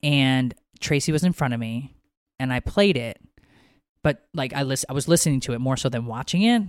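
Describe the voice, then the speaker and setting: A woman in her thirties tells a story on a podcast, emotional and animated, with plenty of swearing. Her voice is smooth and resonant. The studio sound is close and dry. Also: rumbling low, moderate pace, no echo. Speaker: podcast co-host. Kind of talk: casual storytelling.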